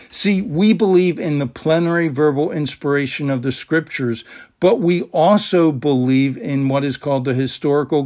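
A man's voice: fairly high pitch, darkish tone. Emphatic man preaching a sermon. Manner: emphatic, repeats words for stress, enthusiastic.

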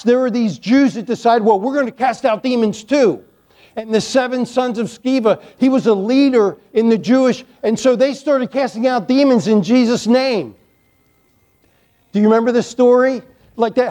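Guy preaching w a really high voice, punchy, repeats stuff, jokes w the crowd, sometimes drifts off mic. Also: darkish tone. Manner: emphatic preaching with repeated lines and playful asides. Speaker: pastor. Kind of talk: sermon.

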